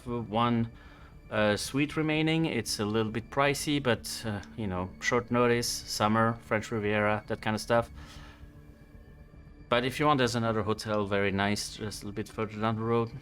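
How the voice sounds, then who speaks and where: A man's voice: fairly low pitch, fairly even intonation, a little slow, a bit bright, soft background music. A man voicing a tired, annoyed male hotel clerk in a tabletop role-play, stalling in a weary way.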